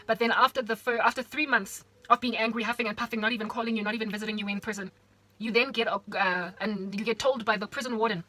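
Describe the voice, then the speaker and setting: Christian vlogger from South Africa, a woman with a high, bright voice; animated casual preaching over soft music. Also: brisk. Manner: animated, addresses the listener directly with rhetorical questions.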